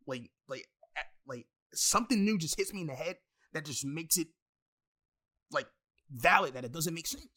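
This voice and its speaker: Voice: medium pitch, lively intonation, normal speed, pushed and bright. A wrestling fan in a casual, profane rant full of exasperated asides and heavy swearing.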